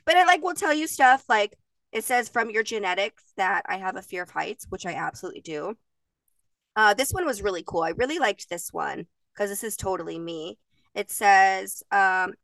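A young woman co-hosting a podcast talks in loose, chatty bursts, laughing often and swearing now and then. Her voice has a gravelly edge. She sits a little back from the mic in a dry, unechoing space. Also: mid-range voice, expressive, moderate pace, a bit bright, no echo, recorded from a distance. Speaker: podcast co-host. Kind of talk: casual chat.

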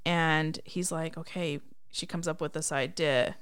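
Animated woman recapping a movie. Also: low-pitched, unhurried, clear, resonant tone. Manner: animated, acts out lines from scenes. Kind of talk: casual chat recapping a movie.

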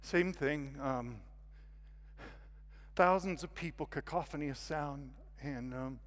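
A man giving a sermon as a guest speaker, telling a story and shifting from hushed to loud. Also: a little high, slow pace. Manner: animated, confessional, swings from hushed to loud. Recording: long reverb of a hall.

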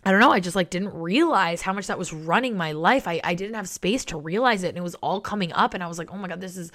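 A woman's voice: fairly low pitch, lively intonation, fast talker, fairly bright tone. A young woman hosting a podcast, telling a personal story in a frank, emotional way with lots of swearing and fillers. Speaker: podcast host. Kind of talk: candid personal monologue.

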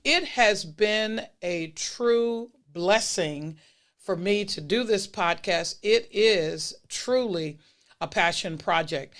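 A podcast host giving listeners an encouraging holiday message, laid out as numbered points and repeating key phrases for emphasis. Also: medium pitch. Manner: steady, unhurried delivery with list-style points.

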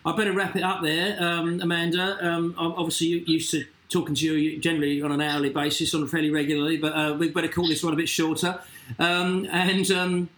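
A man hosting a casual interview, talking hesitantly with many pauses and restarts. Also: fairly high pitch, level tone, a bit bright, reverberant, rough recording. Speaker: host.

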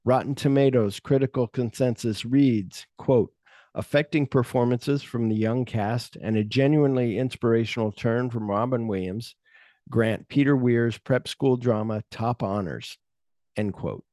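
A middle-aged man hosts a laid-back movie podcast and acts out scenes as he retells them. His voice is mellow and dark, at an ordinary pitch. The sound is dry and close. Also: measured pace, dry recording. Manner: retells scenes with quoted lines, swears freely. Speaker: podcast host. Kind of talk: casual film chat.

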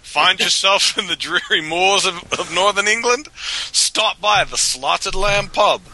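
Brief: man putting on a snooty, drawn-out pub announcer voice, pitched up, bright tone. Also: heavily acted, poor audio. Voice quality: put-on fancy accent, drawn out. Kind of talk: mock sponsor read.

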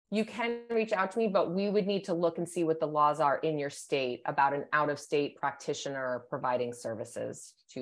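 A woman, a sports psychologist, explaining her ideas thoughtfully in a podcast interview, often checking in with "right?" and "you know". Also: on the low side.

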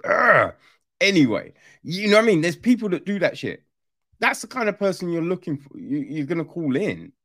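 A man's voice: high-pitched, sing-song, a little fast, fairly bright tone. A man giving a casual, rambling film review rant, exasperated and swearing freely.

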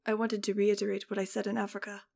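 A woman reading the part of a polite, quietly menacing male scientist villain in an audiobook. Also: mid-range voice, level tone, fast talker, gravelly. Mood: courteous. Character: smooth-talking male scientist villain, middle-aged.

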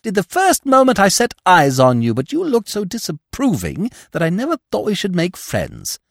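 A man's voice: high-pitched, huge pitch swings, moderate pace, gravelly, no echo, studio quality, pitched above the performer's own voice, heavily acted. A man voicing a brash, teasing young actress who talks in a chatty, slangy way, read as an audiobook character.

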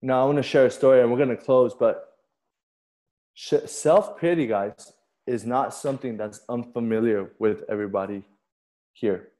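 A young male pastor gives a sermon in a relaxed, chatty way, like he's talking to friends. His voice is mellow and warm, at an ordinary middle pitch. He often trips over and repeats words as he starts sentences. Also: moderate pace. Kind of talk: sermon with personal storytelling.

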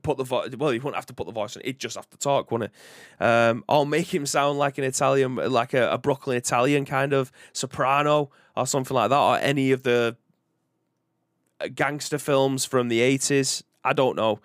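A man's voice: mid-range voice, moderate pace, no room sound, clean studio sound. A British man hosting a casual video game podcast, chatting in a rambling way and reading out viewer comments. He has a young son. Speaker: podcast host. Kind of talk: casual live-stream chat.

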